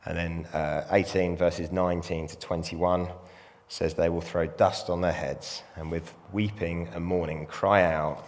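A man's voice: low-pitched, flat delivery, measured pace, in a large hall. A man preaching a sermon in a conversational way, asking rhetorical questions and putting on voices. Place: church.

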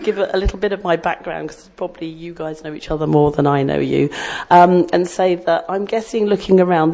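A woman's voice: lowish voice, vocal fry, warm tone. A middle-aged woman from Australia giving a chatty, self-deprecating personal testimony to a church group, rambling a little as she tells her story.

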